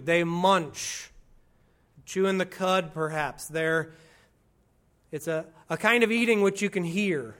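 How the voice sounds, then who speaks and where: A pastor giving an expository sermon, teaching in a conversational way with wry asides and slowing down to stress key phrases. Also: male voice, sits high, fairly bright tone.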